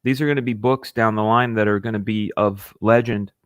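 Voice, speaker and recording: A man hosting a casual livestream, talking with eager enthusiasm and halting restarts, sometimes with his mouth full. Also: fairly low pitch, fairly even intonation, dry recording, clean studio sound. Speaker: livestream host.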